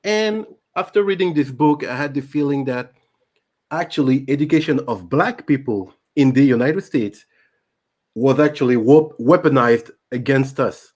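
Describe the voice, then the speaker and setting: A man with a French accent, a native French speaker, hosting an interview and talking in a hesitant way with many pauses and restarts. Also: medium pitch, a little mellow. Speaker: host. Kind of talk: conversational interview.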